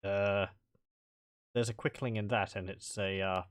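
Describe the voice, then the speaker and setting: A man's voice: lowish voice, fairly even intonation, unhurried, no room sound, clean studio sound. Wry, rambling man playing a game. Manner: rambling, chuckling, wry asides. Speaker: let's play commentator. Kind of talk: casual gameplay commentary.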